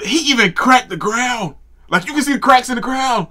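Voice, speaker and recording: A man giving excited reaction commentary on an anime, with loud, slangy exclamations and stammering restarts. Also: sits high, moderate pace.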